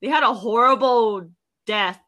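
A young woman from an island telling a story in a casual chat, lively and full of fillers, jumping into high quoted voices. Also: a little slow.

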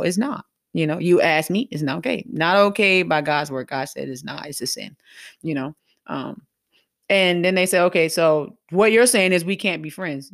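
A woman's voice: lowish voice, gravelly, dry recording, clean studio sound. A woman hosting a faith talk show, giving casual faith-based advice in a conversational way, often repeating herself and saying "you know.".

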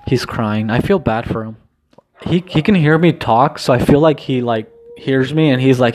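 A young man talking casually to camera in a daily vlog at home, rambling and hesitant, swearing now and then, in a low-key, downcast way while pacing indoors. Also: moderate pace, darkish tone. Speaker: vlogger.

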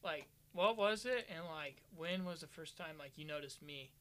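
A man's voice: on the high side, normal speed, a bit bright. A young man in casual chat with friends, asking rambling, filler-heavy questions.

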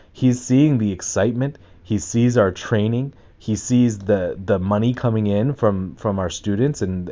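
A man hosting a solo podcast, talking casually and excitedly, rambling with fillers and repeated words. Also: lowish voice, lo-fi sound. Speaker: podcast host.

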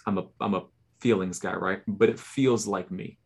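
A fairly low-voiced man, earnest and a bit halting, talking over his poems in a casual podcast. He restarts his sentences often as he feels his way. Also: fairly even intonation, creaky, darkish tone, breathy edge. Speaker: poet and podcast co-host.

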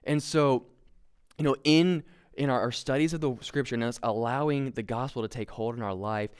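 A man's voice: medium pitch, steady tone, moderate pace, clean tone. A young man giving a casual sermon, conversational and self-deprecating, with lots of fillers and restarts. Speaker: preacher.

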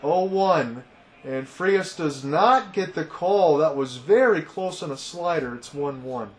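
A man with a notably high voice calls baseball play by play on a fan-run broadcast. He breaks each pitch down evenly, then rises into loud, thrilled calls when the ball is hit deep. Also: takes it slowly. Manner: calm analysis that rises to loud excited calls on big hits. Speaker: play-by-play commentator.

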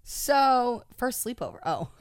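A woman's voice: on the high side, big pitch swings, takes it slowly, smooth. A woman co-hosting a comedy podcast in casual chat, blunt and teasing, swearing a lot. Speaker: podcast co-host.

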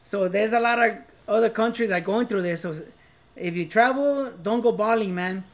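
A man's voice: high voice, normal speed. A man in his thirties in casual chat, laid-back and laughing easily, calling his friend bro.

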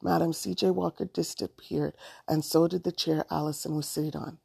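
A woman narrating a storybook aloud in a plain, steady reading voice. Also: low voice, normal speed, vocal fry, slightly rough, dry recording, clean studio sound.

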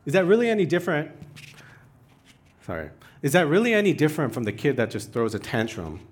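A young adult pastor preaches with a husky voice on the high side, going a little fast. His sermon is animated, climbing in pitch for emphasis and sprinkled with self-deprecating asides.

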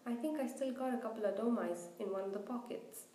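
Lady doing a big gruff gamekeeper guy, loud and rustic, soft mellow tone, roomy echo. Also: a little high, a little fast, close to an everyday voice. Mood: rueful. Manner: loud, blustering rural dialect. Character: huge gruff kindly male half-giant gamekeeper.

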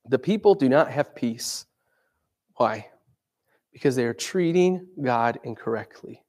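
A man's voice: medium pitch, animated, a little slow, pauses often, a little mellow. A man preaching a sermon in a conversational way, asking his listeners questions.

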